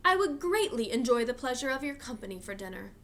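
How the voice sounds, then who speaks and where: A woman's voice: fairly high pitch, sing-song, quick pace, fairly bright tone. A woman reading aloud, voicing a young boy who is giggly and teasing.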